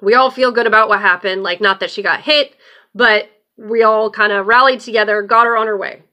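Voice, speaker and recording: A woman hosting her own show, telling a personal story in a loose, animated way and swearing freely. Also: mid-range voice, a little fast. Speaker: host. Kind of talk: casual storytelling.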